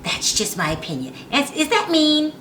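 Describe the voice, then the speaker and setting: A woman's voice: high-pitched, moderate pace. A woman vlogger giving casual gossip commentary to camera in a chatty, opinionated way. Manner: chatty, opinionated, animated asides. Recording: echoey room with faint ambient noise.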